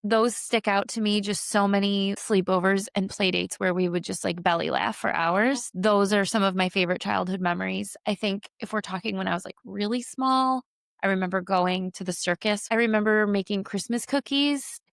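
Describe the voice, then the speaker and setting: Mom in her 30s chatting w her kid, bit of vocal fry, dry close mic, rambles w lots of "like". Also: mid-range voice, normal speed, no room sound. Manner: reflective, explains at length with many "like" fillers. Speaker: mother and podcast host. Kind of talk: casual chat. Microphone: table mic.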